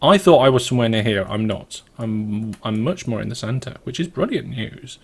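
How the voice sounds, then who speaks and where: British guy doing casual game commentary, mid pitch, rambles and thinks out loud. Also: lively intonation, normal speed, breathy edge. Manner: thinks aloud, wandering and chatty. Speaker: let's play host.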